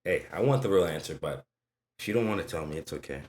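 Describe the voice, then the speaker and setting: A man hosting a casual interview over a video call, slangy and joking, often trailing off quietly at the ends of his phrases. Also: a bass voice, lively intonation, fast. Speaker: interview host.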